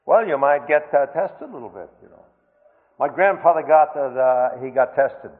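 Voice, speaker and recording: A man preaching a sermon with fervent emphasis, mixing scripture with a family story and rising to loud exclamations on key words. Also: mid-range voice, lively intonation, moderate pace. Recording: tinny phone-like sound in a reverberant hall.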